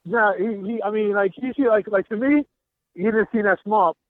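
A man's voice: sits high, moderate pace, no room sound. A man calling in to a talk show from a gym, animatedly retelling a confrontation and acting out the dialogue. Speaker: caller. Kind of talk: phone-in storytelling. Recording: tinny dry phone line.

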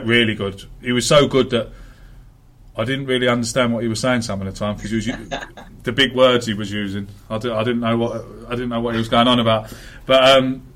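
A man's voice: mid-range voice, fairly bright tone. A man hosting a casual football podcast, chatty, with many fillers and the odd swear word. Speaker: podcast host.

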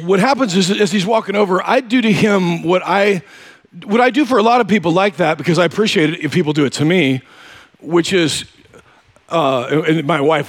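A man preaching with a somewhat high voice that sounds loose and conversational rather than formal. He tells his story with self-deprecating humor and checks in with the listeners often. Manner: asks listeners directly. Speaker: pastor. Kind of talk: conversational sermon.

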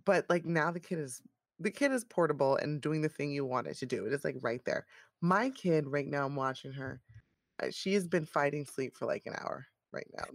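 A mother of a toddler in her thirties tells animated stories and laughs often. Her voice has a gravelly, fry-edged texture. The sound is dry and close, with no room around it. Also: deep voice, normal speed, no echo. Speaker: podcast co-host. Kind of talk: casual chat.

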